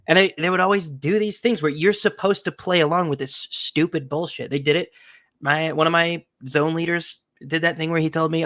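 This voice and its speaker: A man's voice: on the high side, brisk. A young man co-hosting a casual podcast, ranting and acting out the people in his stories. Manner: animated storytelling, acts out quoted people. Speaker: podcast co-host.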